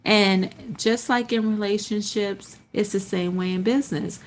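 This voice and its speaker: A woman's voice: mid-range voice, a little slow, slight background noise. A woman hosting a motivational business podcast, telling stories and acting out little inner voices as she goes. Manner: animated storytelling, acts out inner voices. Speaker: podcast host.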